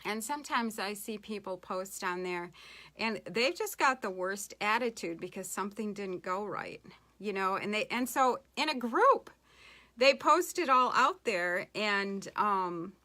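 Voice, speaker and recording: Bright-voiced chatty woman trainer. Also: mid-range voice, expressive, measured pace. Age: middle-aged. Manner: chatty, plainspoken, with frequent ums and asides. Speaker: network marketing team leader. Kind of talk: casual business training talk.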